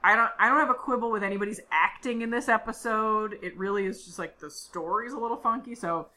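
Bright-voiced chatty podcast host woman. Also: medium pitch, fast. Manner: chatty, filler-heavy storytelling. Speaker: podcast co-host recapping an episode. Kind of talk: casual chat.

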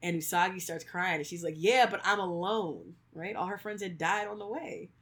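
A podcaster in their thirties chats casually with a co-host. They act out the quotes as they go and fill the talk with "like"s and laughter. The pitch sits in the middle. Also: fairly quick. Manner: animated storyteller, acts out quotes, many "like"s; laughs often. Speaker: podcast co-host, creator of fictional worlds. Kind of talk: casual chat.

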